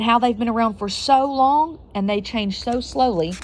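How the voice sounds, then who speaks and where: A woman with a slightly high voice reads a children's novel aloud at a moderate pace with few pauses. She tells it expressively, with slight slips and the odd self-correction.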